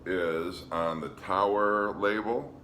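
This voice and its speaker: A man casually showing his record collection on a vlog, relaxed and hesitant, with frequent ums. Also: sits low, slow, slight background noise. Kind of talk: casual show-and-tell vlog.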